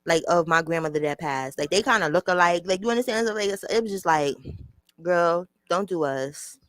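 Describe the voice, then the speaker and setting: Speaking fast in a lowish, slightly bright voice, a channel host chats bluntly and profanely with her livestream audience. The recording is dry, picked up by a small mic right near her mouth.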